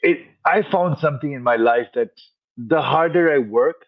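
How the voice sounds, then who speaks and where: A man's voice: on the high side, moderate pace, highs cut off. Earnest middle-aged man telling his story. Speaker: guest.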